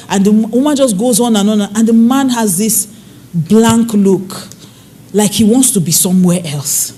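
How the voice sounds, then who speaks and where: A woman counselor giving a preaching-style talk on marriage, telling stories with lively swings in her voice. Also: moderate pace. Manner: expressive storyteller, swings pitch and acts out quoted people. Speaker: infidelity recovery counselor speaking on marriage.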